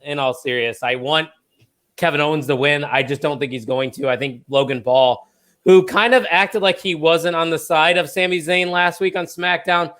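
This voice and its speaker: A man's voice: fairly high pitch, moderate pace, fairly bright tone. A man hosting a podcast, leading a casual, joking chat. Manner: joking, leads the discussion. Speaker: podcast host.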